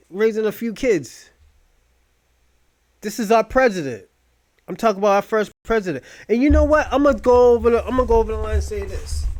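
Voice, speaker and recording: Man, high voice, profane rambling rant, mocking tone, podcast host. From United States. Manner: loud, rambling, mocking rants. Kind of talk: profane casual commentary.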